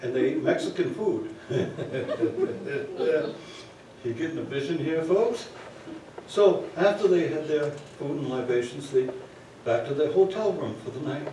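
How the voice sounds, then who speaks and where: A man's voice: fairly high pitch, lively intonation, measured pace, warm tone, a little hiss or hum. A man telling a story live on a theater stage, chatting with the audience through asides. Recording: echoey theater from far off.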